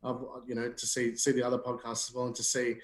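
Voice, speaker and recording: A man's voice: medium pitch, completely flat delivery, fast talker. An Australian man speaking earnestly as a podcast guest, with frequent fillers and restarts. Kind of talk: casual conversation. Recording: echoey room.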